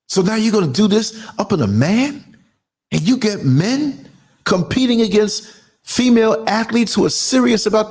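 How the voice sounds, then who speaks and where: A man's voice: sits high, darkish tone, husky. A man, ranting in a heated, emphatic opinion monologue with mocking asides. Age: 60s. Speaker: commentary channel host.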